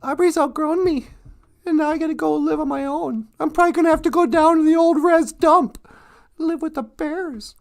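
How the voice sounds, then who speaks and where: A little stuffed bear who is young and naive, asking simple questions, voiced by a male storyteller. He speaks earnestly and a bit unsure of himself, in a high voice. He's gentle and trusting. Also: normal speed, gravelly.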